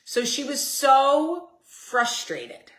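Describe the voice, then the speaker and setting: A woman hosts a relaxed livestream, talking to her viewers at an unhurried pace. Her voice is bright and forceful. She answers comments as they come in and lets the odd swear word slip. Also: high-pitched. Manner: chatty, talks straight to viewers and reads their comments aloud; swears casually. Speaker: host. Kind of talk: casual livestream chat.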